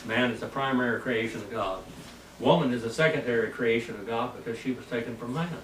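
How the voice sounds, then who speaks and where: A hoarse man teaching a slow, deliberate Bible lesson, sounding out Hebrew words syllable by syllable. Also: medium pitch, echoey room, recorded from a distance, a little hiss or hum, low-quality recording. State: hoarse, losing his voice.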